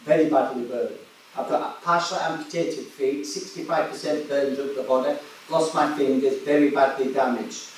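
A man's voice: medium pitch, steady tone, moderate pace, slight background noise. Preacher man in an echoey room. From West Yorkshire, England. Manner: chatty anecdotes, laughing often. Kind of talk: sermon storytelling. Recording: echoey room, distant mic.

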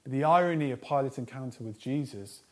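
Preaching at a quick pace, this man speaks as a pastor with real earnestness. He hammers home repeated lists and alternates a hushed, low register with booming emphasis.

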